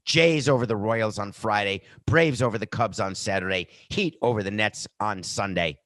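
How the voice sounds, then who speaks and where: Male podcast host, lowish voice, dry close sound, quick jokey sports banter. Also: no room sound. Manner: animated, tangents and jokey asides. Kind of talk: sports betting talk.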